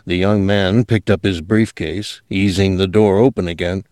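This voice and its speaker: A man reading a story aloud as narrator, measured and steady, dropping quiet at moments. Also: low voice, no room sound, studio quality. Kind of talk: audiobook narration.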